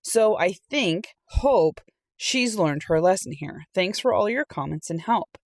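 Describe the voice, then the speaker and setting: A middle-aged woman reading a storytime aloud and telling her own college story in a chatty, animated way. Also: on the low side, measured pace, no echo. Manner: chatty and animated, acts out quoted people. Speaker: storytime reader and channel host. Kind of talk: casual storytime reading with personal anecdote.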